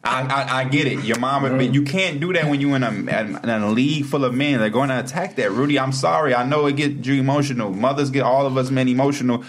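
A man's voice: mid-range voice, quick pace, few pauses. A man co-hosting a podcast, giving his takes on basketball in loose, slangy banter. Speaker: podcast co-host. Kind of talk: casual basketball chat.

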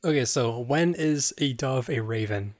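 A man in a casual podcast chat cracks dry jokes while weighing answers. His voice sits at an ordinary middle pitch. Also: unhurried. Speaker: podcast co-host.

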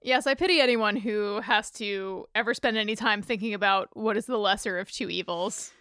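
A woman's voice: mid-range voice, moderate pace, bright, forceful tone, clean tone, dry recording, studio quality. A woman co-hosting a podcast, recapping a TV episode with wry, joking asides. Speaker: podcast co-host. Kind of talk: casual chat recapping a TV episode.

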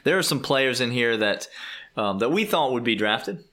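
A man with a mid-pitched voice hosts a sports podcast in a casual chatting style. He sounds upbeat and playful and laughs often. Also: animated, normal speed, bright, forceful tone. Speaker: podcast host.

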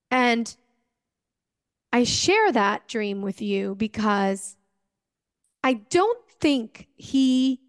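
A woman's voice: a little high, long reverb tail. Earnest woman sharing a personal story. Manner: emotional, earnest, many fillers. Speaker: podcast host. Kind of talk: personal testimony to listeners.

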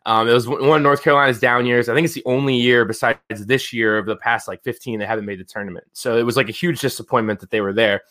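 A man in his thirties hosting a podcast, telling stories in a casual, profane, animated way, full of filler words. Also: medium pitch, quick pace, hardly any pauses. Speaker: podcast host. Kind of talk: casual storytelling chat.

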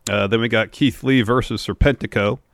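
A man co-hosting a podcast, giving a steady play-by-play recap of a show in casual chat. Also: on the low side, brisk, gravelly, no room sound. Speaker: podcast co-host.

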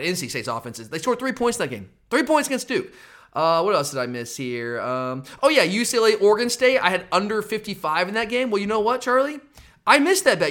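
Man, podcast co-host, casual chat, exasperated and rambling, animated swooping voice. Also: high-pitched. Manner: self-deprecating, exasperated, rambling. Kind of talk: casual sports betting chat.

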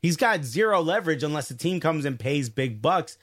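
A man co-hosting a live streamed football chat show, talking fast and emphatically and asking his co-host pointed hypothetical questions. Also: on the high side, lively intonation, a bit bright.

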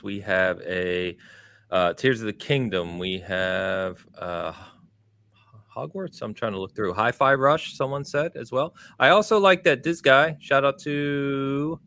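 A man's voice: medium pitch, measured pace, fairly bright tone. A man hosting a casual gaming podcast, running through a list of release dates and viewer comments. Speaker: podcast host. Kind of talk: casual chat.

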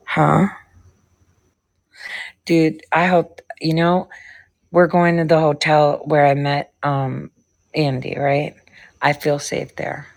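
A woman's voice: sits low, level tone, slow pace, creaky, long pauses. A woman hosting a livestream, chatting casually and rambling between stories, swearing freely. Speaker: livestream host. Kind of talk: casual chat with a co-host.

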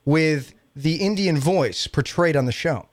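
A man's voice: a little high, dry recording. A man hosting a comedy radio show, taking a call with playful, mock-confused banter. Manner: playful, feigning confusion, quick asides.

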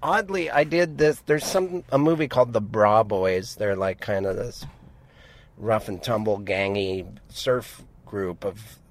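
A man's voice: lowish voice, a little slow. A middle-aged man from Montana, co-hosting a podcast, who tells long rambling stories that stop and restart. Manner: rambling, self-interrupting storyteller. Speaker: podcast co-host. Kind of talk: casual chat.

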